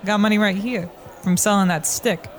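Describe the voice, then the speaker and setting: A man playing a character in a casual tabletop role-playing game, with sarcastic quick asides. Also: high-pitched, fairly even intonation, a bit bright, some chatter behind.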